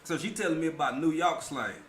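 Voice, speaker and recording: A man's voice: on the high side, fast, fairly bright tone, reverberant, slight background noise. A man with a Texan accent, co-hosting a casual livestream chat in a laid-back, slangy, laughing way. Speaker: livestream co-host.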